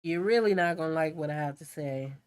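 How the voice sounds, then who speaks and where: A woman hosting a painting stream, a mother telling stories in a casual, animated way and acting out what others say. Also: deep voice, brisk. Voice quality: animated storytelling, acts out quoted talk. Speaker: art channel host.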